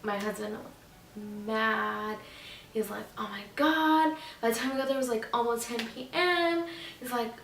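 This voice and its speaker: A young adult woman telling a rambling, animated story in a casual vlog, acting out what others said. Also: a little high, moderate pace, gravelly, recorded from a distance. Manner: rambling, animated retelling that acts out other people's lines. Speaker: vlogger. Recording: echoey room, voice a bit off-mic, faint music.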